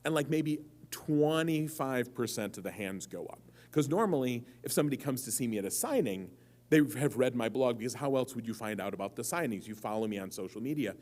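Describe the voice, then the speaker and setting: A man's voice: mid-range voice, animated, a little fast, a little mellow. A man in his forties giving a jokey live talk to a convention audience, telling stories with playful quoted voices before a question-and-answer session. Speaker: author at a convention panel. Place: large convention room with audience. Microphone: handheld or stand mic.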